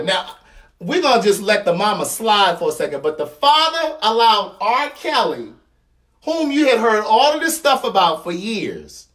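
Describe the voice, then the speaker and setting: A man's voice: high voice, very animated, a little slow, a bit bright, distant mic. A man in his thirties with a Baltimore accent, giving a blunt, slangy commentary monologue, repeating points for emphasis. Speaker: vlogger.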